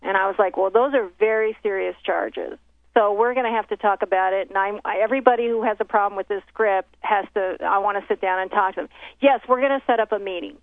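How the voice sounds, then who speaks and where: A documentary filmmaker talks at a quick pace in a medium-pitched voice, casually recounting a professional story. She animatedly voices the people she quotes, moving through many exchanges and restarting often. The phone-line audio is thin and tinny, with a dry sound and no room echo.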